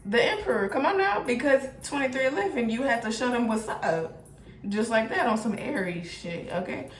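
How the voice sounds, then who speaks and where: A woman doing a casual tarot reading, animated and profane, often breaking into laughter. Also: fairly high pitch, moderate pace. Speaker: tarot reader. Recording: echoey room with faint noise.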